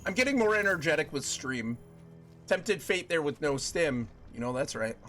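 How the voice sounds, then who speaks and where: Lively high-voiced joking male streamer. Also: normal speed, faint music behind. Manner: jokey, laughs often, chats with viewers. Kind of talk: live gameplay stream chat.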